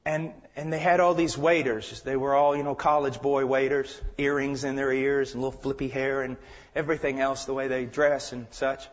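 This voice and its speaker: A man preaching a sermon with passion, swinging between shouted lines and hushed, quiet ones. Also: medium pitch, level tone, normal speed. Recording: dull lo-fi sound with long hall reverb.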